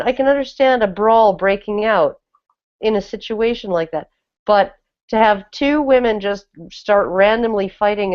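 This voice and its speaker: A woman's voice: medium pitch, clear, resonant tone. A woman co-hosting a casual podcast, rambling and restarting her sentences, often checking in with "right?". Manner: rambling, repeats words, frequent "right?". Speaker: podcast co-host. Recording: dull lo-fi podcast audio.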